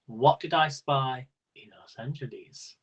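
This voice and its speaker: A man's voice: mid-range voice, a little slow, a bit bright, breathy edge, poor audio. Chatty man hosting a quiz. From Britain. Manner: chatty and rambling, laughs often. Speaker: quiz host. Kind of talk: casual live-stream quiz hosting.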